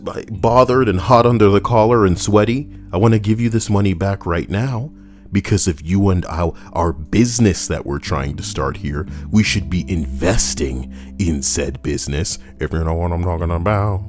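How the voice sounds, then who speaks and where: A man's voice: lowish voice, normal speed, a little mellow, soft background music. A young man hosting a casual commentary video, rambling, cursing and joking, and sometimes arguing with himself. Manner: rambling, profane, jokey, talks to himself. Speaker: channel host.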